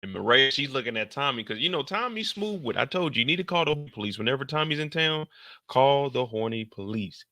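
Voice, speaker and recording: Guy reacting live to a show, super bright edgy voice, slangy and animated, jumps into loud high bursts. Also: a little fast, no echo. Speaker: live stream host reacting to a TV episode. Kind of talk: casual live reaction commentary.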